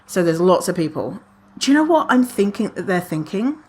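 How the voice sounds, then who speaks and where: A woman hosting her own podcast, chatting casually with a lively, swooping voice. She swears freely and laughs at her own remarks. She keeps things loose and animated and acts out what she imagines others think. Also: lowish voice, a little fast, slightly rough. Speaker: podcast host. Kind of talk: casual solo podcast talk.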